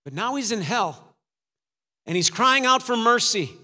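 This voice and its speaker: A man's voice: very high voice, expressive, a little slow, sharp tone, long reverb tail. A man preaching a sermon, dramatic, acting out the voices of the story's figures. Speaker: pastor.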